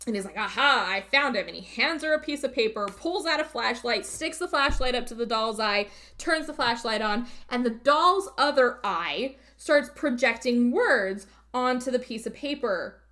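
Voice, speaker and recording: A woman on a podcast casually recapping a movie, animated and swearing freely. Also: a little high, normal speed, hardly any pauses. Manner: animated, profane storyteller. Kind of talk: casual chat.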